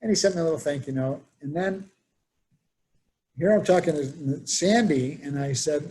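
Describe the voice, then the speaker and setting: A man's voice: fairly high pitch, moderate pace, mellow, a little hiss or hum. A man presenting a workshop, telling anecdotes and acting out the people he quotes. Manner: storytelling, acts out quoted voices. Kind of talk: conversational workshop talk.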